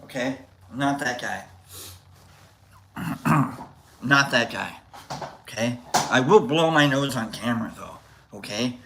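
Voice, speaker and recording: A man's voice: medium pitch, takes it slowly, long pauses, sharp tone, a little hiss or hum, poor audio. A man hosting a live show, chatting casually and joking with his chat, rambling with frequent laughs. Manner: jokey, rambling, laughs a lot.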